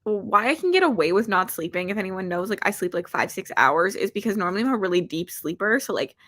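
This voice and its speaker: Fast and expressive, with a mid-range, fairly bright voice, this booktuber hosts a casual reading-sprint livestream. She chats, rambles, reads out viewer comments, is self-deprecating, and uses "like" constantly.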